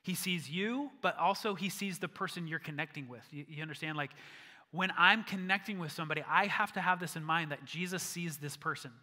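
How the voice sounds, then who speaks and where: A man's voice: fairly high pitch, brisk, pushed and bright. A male pastor preaching a sermon in an earnest way that rises to emphatic peaks. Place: church sanctuary. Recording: long church-hall reverb.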